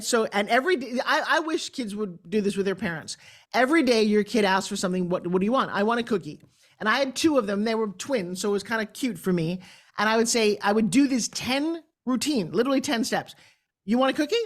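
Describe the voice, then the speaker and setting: Middle-aged female host, slightly raised pitch, conversational and chatty. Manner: chatty, tells her own stories back. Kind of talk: casual interview chat.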